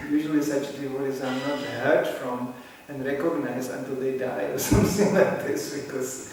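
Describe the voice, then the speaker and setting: A man in his sixties giving a devotional lecture, chuckling often as he tells stories in an animated way. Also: mid-range voice, moderate pace, a little hiss or hum. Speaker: spiritual teacher. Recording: echoey hall from far off.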